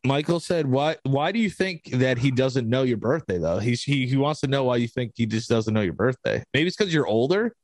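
A man's voice: medium pitch, a little fast, hardly any pauses, no echo. Young guy cohosting a podcast, rambling storyteller, does the voices when quoting people, dry close sound. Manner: rambling, animated storyteller acting out quotes. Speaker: podcast co-host. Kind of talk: casual chat, storytelling.

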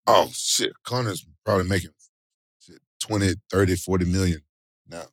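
Interview guest: middle-aged man with a low voice and dry close sound. He tells stories in slangy, animated bursts. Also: normal speed, dry recording. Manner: animated storytelling, loud exclamations, slangy. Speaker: interview guest, former fighter and actor. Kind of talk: casual interview talk.

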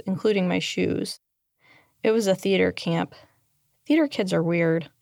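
Dry, gravelly-voiced woman narrating a memoir. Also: medium pitch, no room sound. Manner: candid, dry and deadpan. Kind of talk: scripted first-person memoir narration.

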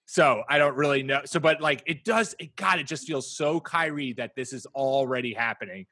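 A man co-hosting a casual podcast chat, animated and joking, rambling through restarts. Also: mid-range voice, normal speed, dry recording. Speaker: podcast co-host.

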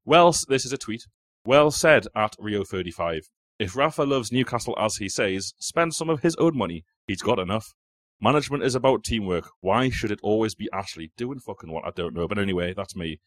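Male quiz host, lowish voice, playful, reads quotes aloud, dry studio sound. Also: animated, brisk, no echo. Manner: teasing, joking, reads quotes aloud and repeats them. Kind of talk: casual podcast chat, reading out quiz questions.

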